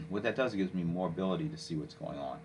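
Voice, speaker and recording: A man walking a listener through software step by step, coaching and checking in with "okay?" as he goes. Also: sits low, fast talker, slight background noise, rough recording. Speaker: software instructor. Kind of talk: screen-recorded software tutorial.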